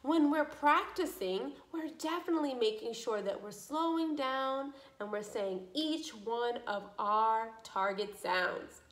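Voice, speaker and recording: A woman leading a speech practice lesson for children, modeling sounds slowly and encouragingly. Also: on the high side, fairly bright tone. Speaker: speech therapist. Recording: echoey room.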